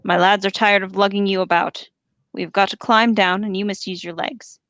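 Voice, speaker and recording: A harsh male orc captain snaps orders and threats at his captives, as a woman reads him out. The voice is gravelly and close, with a dry sound and no room around it. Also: mid-range voice, steady tone, moderate pace, fairly bright tone, dry recording, lightly acted. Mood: commanding. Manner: barking orders, harsh and impatient.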